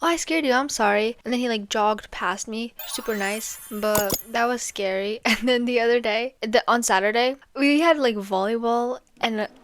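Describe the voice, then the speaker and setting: Chatty giggly young woman, bright higher voice. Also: steady tone, moderate pace, hardly any pauses, slight background noise. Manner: chatty, giggly, dramatic squeals in quoted reactions. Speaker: gaming vlogger. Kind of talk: casual storytime chat over gameplay.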